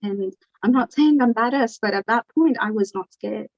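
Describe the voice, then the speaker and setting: A young adult woman telling her story as an interview guest, animated and acting out the dialogue. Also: a little high, moderate pace, dry recording. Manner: animated, acts out quoted dialogue. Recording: dull lo-fi dry recording.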